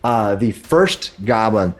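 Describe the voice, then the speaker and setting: A man's voice: lowish voice, animated, slow, faint music behind. Rambling male game master. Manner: rambling, self-correcting narration. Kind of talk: running a tabletop game.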